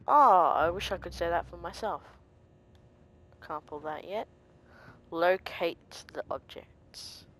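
Hushed, slow-talking game commentator. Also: medium pitch, a little hiss or hum. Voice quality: hushed, easily startled. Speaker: video game let's-play commentator. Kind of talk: quiet let's-play commentary.

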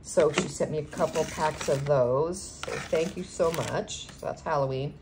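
Speaking at a moderate pace in a low, somewhat dark voice, this craft vlogger unboxes supplies at home in a relaxed, chatty way. Her excitement spills out between frequent ums, captured on a noisy home recording.

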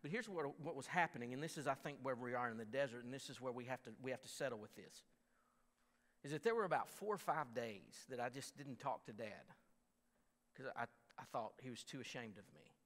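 In a church sanctuary with long hall reverb, a pastor preaches in an animated, slightly fast, somewhat bright mid-range voice. His delivery is conversational, full of restarts and stammers, and his scripture reading builds in force.

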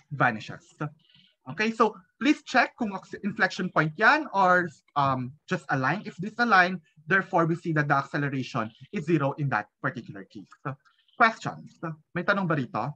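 A man with a Filipino accent lectures in a bright, slightly husky voice that rises and falls a lot. He switches between English and Tagalog and keeps pausing to ask the class if they follow. The sound is dull and lo-fi, like audio from a video call. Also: high-pitched, big pitch swings. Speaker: physics lecturer.

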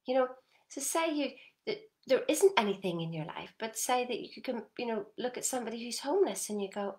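Woman, middle-aged motivational coach, talks straight to camera, punchy and animated. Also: a little high, a little fast. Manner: animated, emphatic, addresses viewer directly with frequent "yeah?". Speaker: personal development coach.

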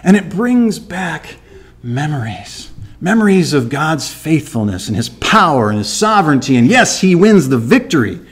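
A church Bible teacher leads a lively, chatty study chapter by chapter, verse by verse, his slightly high, somewhat breathy voice rising and falling at a moderate pace. Animated and conversational, he fires rhetorical questions at the listeners and acts out quotes and the story itself.

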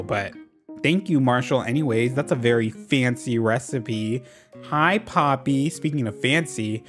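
A man's voice: mid-range voice, lively intonation, a little slow, fairly bright tone, soft background music. A sassy young man giving casual, profane commentary while playing a life-sim game. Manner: sassy, profane, reads villager lines aloud. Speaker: gaming vlogger.

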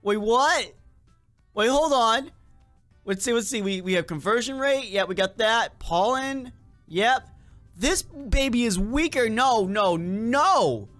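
A chatty gameplay commentator with a slight accent, still getting over a cold. The talk is playful and casual, aimed right at the viewers, with a mid-range pitch and faint music underneath. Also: animated, slow, fairly bright tone. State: lingering cold. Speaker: gaming video creator.

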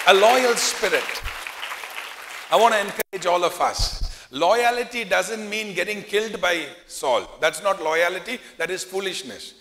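A man's voice: high voice, expressive, measured pace, gravelly, sharp tone, some chatter behind. A man preaching a sermon, telling a story with animation and putting questions to the congregation. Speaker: pastor. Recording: reverberant church hall.

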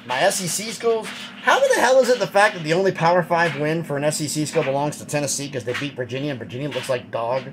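A man's voice: on the high side, background noise. A man giving a casual, blunt college football recap, rattling off stats and opinions.

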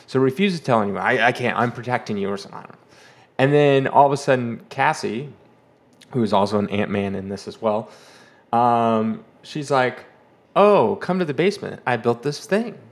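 A man hosting a casual movie review, rambling and exasperated, mocking the characters in quick put-on quotes. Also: mid-range voice. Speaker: comic collector channel host.

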